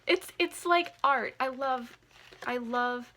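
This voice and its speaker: A woman's voice: on the high side, expressive, measured pace, sharp tone, a little hiss or hum. A woman chatting casually as a beauty vlogger through an unboxing, gushing, full of "like" fillers and sometimes dropping to a near whisper.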